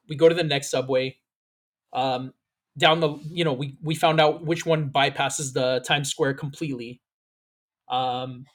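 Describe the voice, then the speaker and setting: Podcast guy telling a wild story, kinda high voice, swears a lot, acts everyone out. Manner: animated, profane, acts out quoted lines. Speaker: podcast host. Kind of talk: casual storytelling chat.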